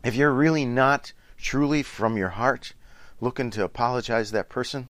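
A man's voice: medium pitch, normal speed, fairly bright tone, no echo. A middle-aged man giving an earnest, instructive talk on relationships, coaching his listeners. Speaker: relationship speaker.

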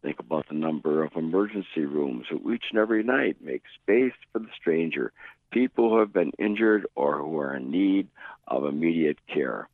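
Middle-aged male radio preacher, storyteller, deep gravelly voice, phone-thin sound. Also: lively intonation, moderate pace, dry recording. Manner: storytelling, acts out quoted voices. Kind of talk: radio sermon. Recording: tinny phone-like radio broadcast.

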